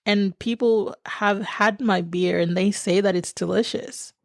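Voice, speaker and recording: A woman's voice: mid-range voice, steady tone, a little slow, gravelly, dry recording, clean studio sound. An Australian woman co-hosting a podcast, chatting in a laid-back, cheeky way. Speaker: podcast co-host. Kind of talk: casual podcast banter.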